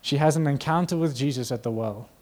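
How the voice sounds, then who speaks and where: A man preaching a sermon, telling a story with lively energy, acting out quotes and laughing now and then. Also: mid-range voice, quick pace.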